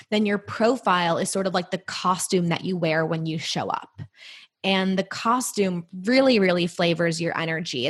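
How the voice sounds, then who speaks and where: A woman who reads Human Design charts, explaining them patiently in a podcast interview, with filler words. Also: lowish voice.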